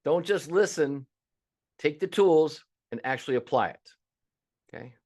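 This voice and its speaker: A man's voice: a little high, animated, unhurried, darkish tone. A man in his fifties teaching a webinar as a restaurant business coach, folksy and emphatic, acting out the calls he gets. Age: 50s. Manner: folksy, emphatic, acts out quoted callers.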